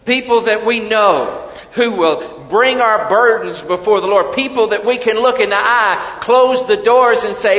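Male pastor, high voice, slow deliberate sermon delivery, soft-to-loud swings with repeated words; roomy, dull church recording. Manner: preaching with swings from soft, hushed lines to loud emphatic ones; repeats words and restarts often. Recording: echoey hall, dull lo-fi sound.

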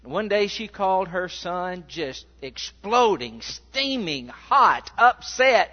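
A man's voice: high-pitched, very animated, slow. A man preaching a sermon as pastor, rambling in a folksy storytelling way before reading scripture aloud. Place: church sanctuary. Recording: dull sound in a reverberant hall.

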